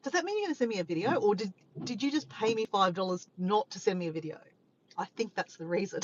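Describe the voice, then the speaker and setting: Woman live-streaming from a car, playful and laughing, lively pitch, muffled lo-fi sound. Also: moderate pace, long pauses, slightly rough, no echo. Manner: chatty, laughs often, playful teasing. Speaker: live-stream host reading viewer comments. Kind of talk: casual live-stream chat. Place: in a car parked by the beach.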